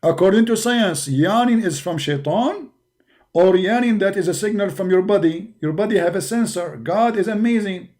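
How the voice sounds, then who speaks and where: A man's voice: high voice, moderate pace, darkish tone. A man hosting a livestream who argues in broken English, keeps calling his listeners brother, and speaks in a tired, mocking tone. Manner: mocking, argumentative. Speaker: livestream host. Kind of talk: livestreamed religious critique talk.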